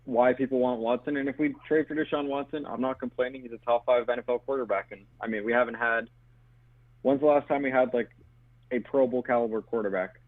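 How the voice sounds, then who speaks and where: A man calling in to a sports show, talking casually, quickly and eagerly. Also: medium pitch, fairly even intonation, dry recording. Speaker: caller. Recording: tinny phone line.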